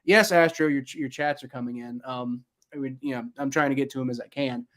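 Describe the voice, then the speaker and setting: A man's voice: mid-range voice, fairly even intonation, a little fast, fairly bright tone. A man co-hosting a sports podcast in casual chat, rambling with many fillers and restarts. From Ohio. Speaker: podcast co-host.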